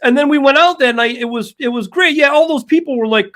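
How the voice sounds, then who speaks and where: An older man co-hosting a casual sports talk show, telling an animated story and acting out the dialogue. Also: very high-pitched, quick pace. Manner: animated, acts out quoted dialogue. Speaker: co-host.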